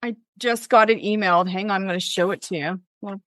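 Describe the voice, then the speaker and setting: A woman from Canada, a guest telling a story in casual conversation, with many fillers and lively retellings. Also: medium pitch, a little fast, no room sound. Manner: chatty, lots of fillers, animated retelling. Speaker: interview guest.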